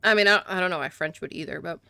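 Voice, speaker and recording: Bright-voiced woman streaming a game, chatty, dry close mic. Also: fairly low pitch, quick pace, creaky, clean tone, dry recording. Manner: self-deprecating, chatty, reads chat. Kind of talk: casual game commentary.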